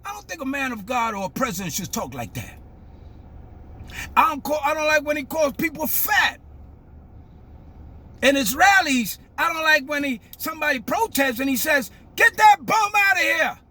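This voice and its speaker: An older man, giving a fiery, emphatic monologue that breaks into shouting. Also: extremely high pitch, animated, moderate pace, long pauses. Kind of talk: impassioned monologue.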